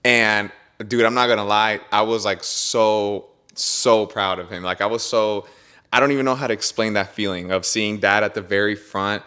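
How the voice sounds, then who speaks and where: A young adult man hosting a podcast, telling a story in casual chat with an animated, slangy manner full of bro and dude. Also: lowish voice, normal speed, clear, resonant tone. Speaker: podcast host.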